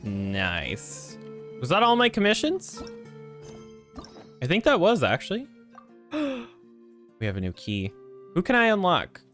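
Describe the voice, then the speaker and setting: A man's voice: a little high, wildly swooping pitch, a little slow, pauses often, a bit bright, faint music behind. A man streaming a video game who talks casually, swears freely and trips over hard names. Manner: rambling, profane, stumbles over names. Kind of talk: casual gameplay commentary.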